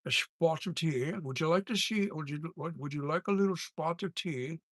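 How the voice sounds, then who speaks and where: A man's put-on Irish lilt, offering tea in a stop-start way. The voice sits a little high. The sound is dry and close. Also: fairly bright tone, no echo. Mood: playful. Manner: halting, restarting the line.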